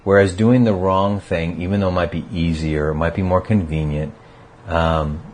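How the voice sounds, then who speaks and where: A man with a very low, deep voice tells stories in an easy, casual way. He acts out the quotes with feeling, and he talks like a guest on a relaxed podcast. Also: moderate pace, a little hiss or hum. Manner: animated storyteller acting out quotes. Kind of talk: casual recovery talk.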